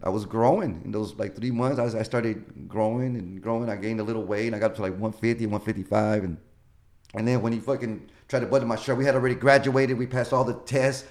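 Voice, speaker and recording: A man's voice: fairly low pitch, steady tone, fast talker, a little mellow. A male comedian being interviewed, telling long profane stories in a casual, rambling way. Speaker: comedian guest.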